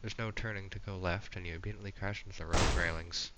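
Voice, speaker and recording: A man playing a visual novel, reading the game text in a dry, deadpan way and commenting. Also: deep voice, quick pace. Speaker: game streamer. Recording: dull lo-fi mic with faint hiss.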